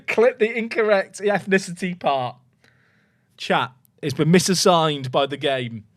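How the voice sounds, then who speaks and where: Excitable man cheering over a game. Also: fairly high pitch, a little slow, dry recording, clean studio sound. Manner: excitable, jokey, swings from loud cheering to muttered asides. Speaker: streamer playing a football management game. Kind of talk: live gameplay commentary to chat.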